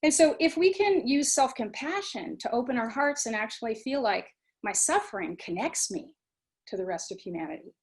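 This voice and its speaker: A woman giving a talk on mindfulness, animated, acting out students' inner voices and often asking "right?" and "you know". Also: a little high, normal speed. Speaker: guest speaker on mindfulness. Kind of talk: talk to a webinar audience.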